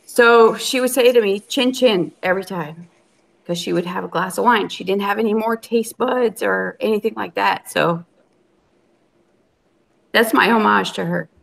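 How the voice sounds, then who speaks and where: A chatty woman guest on a live stream, goofy and openly emotional, her voice sitting at a middle pitch. She talks over a video call in loose, rambling sentences. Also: normal speed, vocal fry, fairly bright tone. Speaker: guest cooking channel host. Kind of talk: casual live-stream chat.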